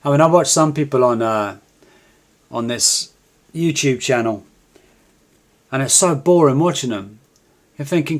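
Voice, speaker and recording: A man's voice: mid-range voice, unhurried. A man hosting a live trading stream, chatting casually and coaxing viewers to join in.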